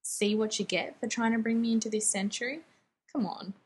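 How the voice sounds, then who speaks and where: A woman reading the part of a grieving young man who pleads softly and apologetically to his younger brother in a fan fiction reading. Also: on the high side, steady tone, fairly quick, slightly rough. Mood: gentle.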